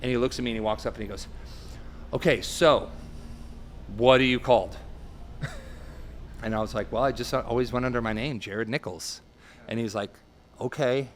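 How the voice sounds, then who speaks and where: Male guest musician, animated storyteller who voices the people he quotes, faint hiss. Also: mid-range voice, brisk. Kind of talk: casual storytelling interview.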